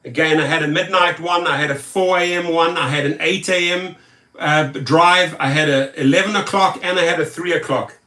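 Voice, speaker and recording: Bright-voiced man ranting angrily. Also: a little high, steady tone, normal speed, distant mic. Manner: angry, sarcastic, repetitive. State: tired. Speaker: rideshare driver and video host. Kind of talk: ranting vlog commentary. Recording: echoey room, off-mic.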